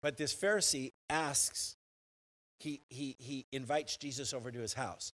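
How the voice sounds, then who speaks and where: A man preaches from the pulpit in a lively, conversational way. He keeps asking the congregation questions and restarts his phrases as he builds a point. His voice sits at an ordinary middle pitch. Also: a little slow, rough recording. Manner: animated preaching with rhetorical questions and repeated restarts. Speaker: pastor. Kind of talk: sermon. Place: church sanctuary.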